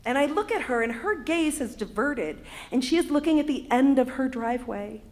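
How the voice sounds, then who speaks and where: A woman's voice: sits high, lively intonation, normal speed, darkish tone. A woman in her fifties from Wisconsin, with a Wisconsin accent, telling a personal story on stage with a wry, humorous delivery. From Wisconsin, USA. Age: 50s. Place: arts center stage.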